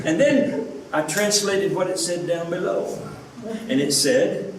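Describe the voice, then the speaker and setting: A pastor with a high-sitting voice preaches a sermon at a moderate pace, earnestly posing rhetorical questions to his listeners. He's recorded from a distance in an echoey room with faint background noise.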